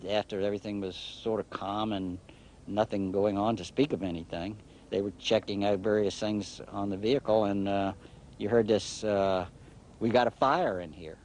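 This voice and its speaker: An older man, a former flight controller, recounting events in a halting documentary interview that often trails off quietly. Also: lowish voice, slight background noise.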